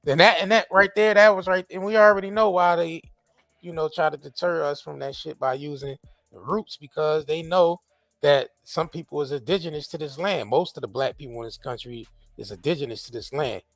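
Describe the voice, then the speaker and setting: Profane, animated podcast host man. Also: fairly high pitch, a little fast, no echo, soft background music. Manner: profane, animated storytelling with many restarts. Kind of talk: casual chat.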